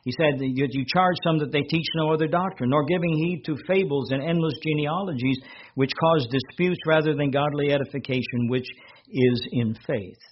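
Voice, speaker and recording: Male pastor, sermon delivery, husky mid-pitched voice, lo-fi recording. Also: moderate pace. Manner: rises in pitch and volume when reading scripture aloud.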